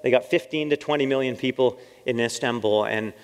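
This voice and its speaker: A man giving a lively storytelling talk as a missionary, acting out his own quoted lines and laughing often. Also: mid-range voice, a little fast, smooth. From Canada. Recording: long hall reverb.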